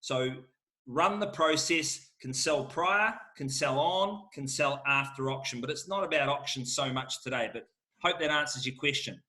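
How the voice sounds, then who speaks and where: Fired-up, bright-voiced New man. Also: on the high side, moderate pace. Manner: emphatic, fired-up salesman delivery. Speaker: auctioneer answering questions. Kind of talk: lively Q&A answers.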